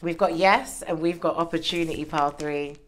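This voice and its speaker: A low-voiced woman gives a casual tarot reading, chatty and encouraging. Her microphone sits close to her hair, and faint background noise runs underneath. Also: steady tone, normal speed. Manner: chatty, encouraging, often checks in with "okay?". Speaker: tarot reader. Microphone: microphone worn near her hair.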